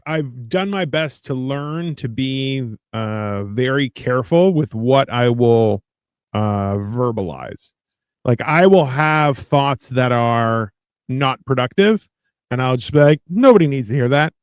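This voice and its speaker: A man's voice: a little high, smooth, no room sound, studio quality. Man rambling through a casual podcast chat. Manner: rambling, joking, self-interrupting. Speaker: podcast co-host.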